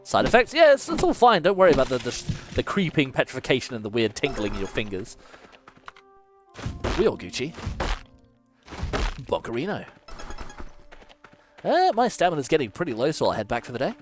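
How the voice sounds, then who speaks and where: A man chatting casually as he plays a game on stream, playful and loose-tongued with plenty of swearing. His voice sits at an ordinary middle pitch but leaps around expressively. Soft music plays faintly behind him. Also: huge pitch swings, normal speed, pauses often. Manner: playful, swears freely, muses aloud while playing. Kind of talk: casual gameplay commentary.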